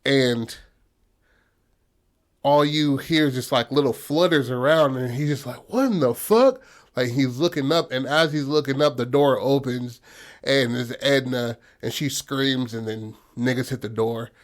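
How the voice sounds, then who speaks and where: Male podcast co-host, casual swearing storyteller, middle pitch. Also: steady tone, unhurried. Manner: loose, profane retelling with acted-out quotes.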